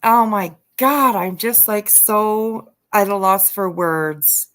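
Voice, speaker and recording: Speaking slowly in a mid-range voice, a livestream host reads out a news article during a laid-back late-night chat, breaking off to welcome viewers by name. She works herself up, curses freely, and fills her speech with fillers, restarts and drifting asides.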